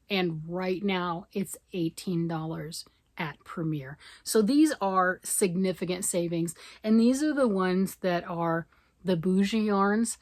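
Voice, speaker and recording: Fast-talking excited woman from Michigan. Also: fairly low pitch, no echo. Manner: fast, excited, rambling talk. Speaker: yarn vlogger. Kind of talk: casual chat to camera.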